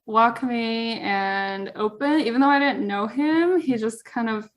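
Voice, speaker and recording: A woman's voice: on the high side, a little slow. A woman chatting casually as a podcast guest, earnest and rambling, with lots of fillers. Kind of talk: casual chat.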